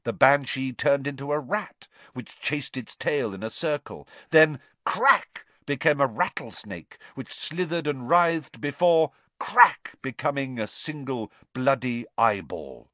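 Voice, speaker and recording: A man narrating a story in a dramatic, expressive reading style. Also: mid-range voice, measured pace, few pauses, dry recording. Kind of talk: audiobook narration.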